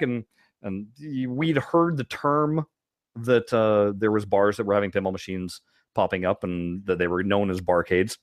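A man's voice: lowish voice, normal speed, no echo. A man co-hosting a podcast, telling old stories in a loose, laughing way with many restarts. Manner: animated storyteller, laughs often, many restarts. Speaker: podcast co-host. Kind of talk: casual reminiscing chat.

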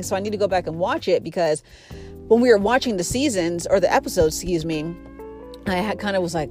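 A young woman with an American accent, hosting a podcast in casual chat, talking loosely with many fillers and lively jumps in pitch. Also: fast, soft background music. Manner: chatty, many fillers, animated swings in pitch. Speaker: podcast host.

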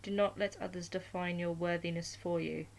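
A mischievous male trickster god from a storybook tale, read out by a woman, teasing and grand. He speaks with easy, playful confidence, a little louder than the telling around him. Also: fairly low pitch, steady tone, moderate pace, creaky, slight background noise.

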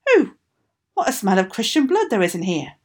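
A woman voicing a fierce male troll who screeches in a shrill, husky voice. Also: big pitch swings, a little fast.

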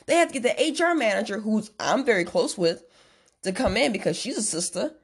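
Animated profane woman telling a story. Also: fairly high pitch, fairly quick, breathy edge. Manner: profane, animated, acts out quotes. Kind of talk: casual storytelling.

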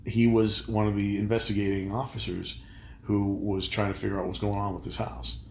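A man's voice: lowish voice, level tone, moderate pace, a little hiss or hum. Guy who keeps repeating words, that that that, talking in an echoey room at home. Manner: stammering, repeats words while searching. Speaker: podcast guest and producer. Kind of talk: casual conversation. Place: home library.

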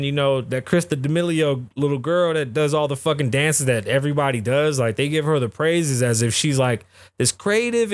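Male podcast host, slightly raised pitch, dry close sound; swears freely and rambles through opinions on the news. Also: dry recording. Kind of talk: casual news commentary.

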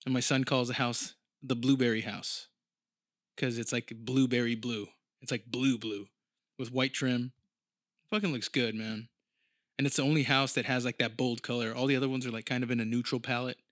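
A man's voice: medium pitch, steady tone, moderate pace, fairly bright tone, dry recording. Profane, rambling man on a dry mic. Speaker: podcast host. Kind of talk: casual monologue.

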